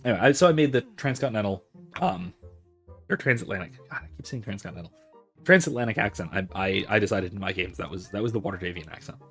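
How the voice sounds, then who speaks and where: A man's voice: on the low side, expressive, fast, fairly bright tone, soft background music. A man hosting a let's play, giving casual, rambling commentary full of ums and restarts as he digresses.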